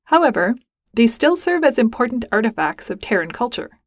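A woman's voice: a little high, very animated, normal speed, dry recording, studio quality. A woman voicing a young male alien cadet who speaks in a precise, formal, unemotional way.

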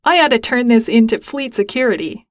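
A woman's voice: a little high, lively intonation, fairly quick, no room sound, clean studio sound, lightly acted. A woman voicing a hostile young male alien cadet with a confrontational, sneering manner.

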